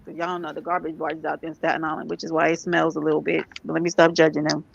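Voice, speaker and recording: A woman from New York chatting casually as a vlogger, animated, with quick asides and laughs. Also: sits low, vocal fry, muffled recording, slight background noise. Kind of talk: casual chat.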